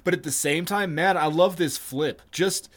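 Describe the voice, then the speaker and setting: A man's voice: on the high side, normal speed. A man co-hosting a casual podcast chat, ranting and swearing emphatically. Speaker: podcast co-host.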